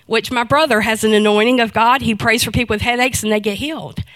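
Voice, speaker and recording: A middle-aged woman giving a personal faith testimony, telling it as a lively story and acting out the dialogue. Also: fairly high pitch, fast, no echo.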